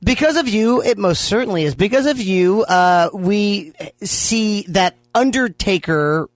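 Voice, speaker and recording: A man with a notably high voice co-hosts a radio chat, jumping in with eager reactions and praise. His voice is close and dry, with no room sound. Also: expressive, a little slow, no room sound. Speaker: radio co-host. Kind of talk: casual chat.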